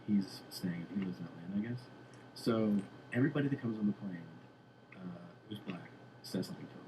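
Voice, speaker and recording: A man, a comedian guest, telling an animated story in a casual podcast chat and laughing often. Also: fairly low pitch, brisk, background noise.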